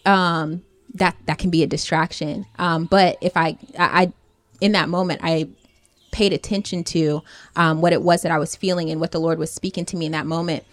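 Earnest low-voiced woman. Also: steady tone, no echo. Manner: earnest and reflective, with many pauses. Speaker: podcast co-host. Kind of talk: casual chat about prayer.

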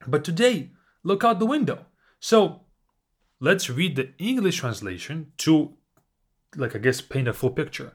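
A man teaching a language class, reciting poems slowly and expressively, then explaining each line in a reflective, halting way. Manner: slow, expressive recitation with lively pitch. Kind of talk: reading and explaining poetry.

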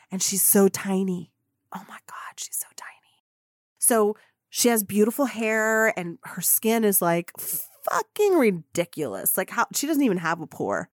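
A woman hosting a podcast, telling a personal story in an excitable, gushing way and swearing casually. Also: mid-range voice, no room sound, clean studio sound. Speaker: podcast host.

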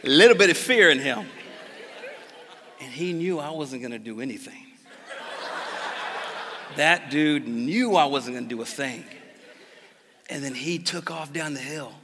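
A pastor telling a family story in a sermon, animated and jokey, moving between hushed asides and loud bursts. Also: male voice, on the high side, a little slow, long pauses, a faint crowd, slight background noise. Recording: long reverb of a large hall.

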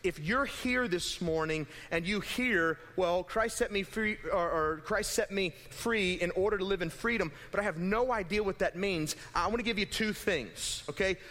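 A young adult man, a pastor, giving a conversational, animated sermon in a church and acting out imagined voices. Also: high-pitched, moderate pace, few pauses. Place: church sanctuary. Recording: hall reverb.

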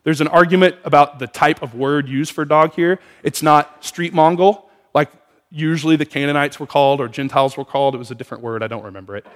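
A man preaching a sermon, asking the congregation questions in an animated way. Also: a little high, fast, big-room sound. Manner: animated, asks the room questions. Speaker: pastor.

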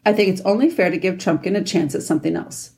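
Calm fair-minded boy king, read by a woman. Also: lowish voice, gravelly. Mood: reasonable. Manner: measured, reasonable.

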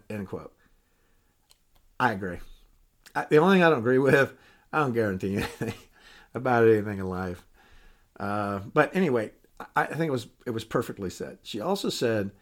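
Retired man hosting a folksy podcast. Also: medium pitch. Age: older. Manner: folksy, candid, self-deprecating, with frequent restarts. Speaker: podcast host. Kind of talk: casual podcast monologue.

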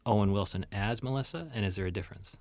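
A man's voice: on the low side, fast talker, a little mellow, no room sound. A man from the Chicago area hosting a casual interview, talking in a loose, rambling and jokey way with plenty of swearing.

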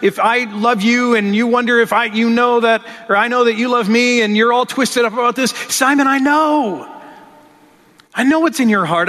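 A preacher voicing an impassioned, tender Jesus. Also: male voice, very high voice, fairly bright tone, pitched above the performer's own voice. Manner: impassioned, rising pleading delivery. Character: tender, pleading adult male Jesus reassuring a disciple. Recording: long reverb of a large hall.

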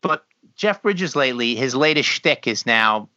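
A man's voice: mid-range voice, animated, moderate pace, sharp tone, no room sound. A man co-hosting a casual chat, swearing freely and rambling through his thoughts, often stopping to restart. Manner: profane, rambling, trails off and restarts. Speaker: podcast co-host. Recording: slightly dull lo-fi sound.

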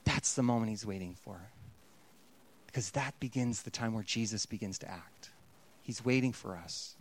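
A man's voice: on the low side, moderate pace. A man preaching a sermon in a conversational, playful way, slipping into voices to act out what people say. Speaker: pastor.

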